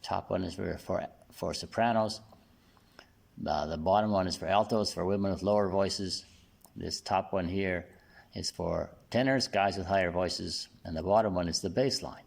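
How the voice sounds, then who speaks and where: A man giving a casual singing lesson, explaining step by step and often checking in with "right?" while playing a bass guitar. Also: normal speed, gravelly. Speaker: singing teacher.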